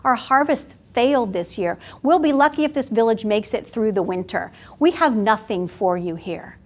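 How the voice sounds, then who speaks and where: A woman's voice: fairly high pitch, lively intonation, normal speed. A woman voicing a blunt, hopeless male villager who brushes people off. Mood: dismissive. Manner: blunt, dismissive. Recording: dull lo-fi sound.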